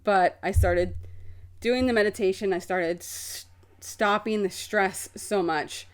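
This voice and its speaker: A woman's voice: medium pitch, takes it slowly. A woman hosting her own podcast, talking candidly and expressively about her life, with casual swearing. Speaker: podcast host. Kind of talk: candid personal podcast talk. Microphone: video podcast setup.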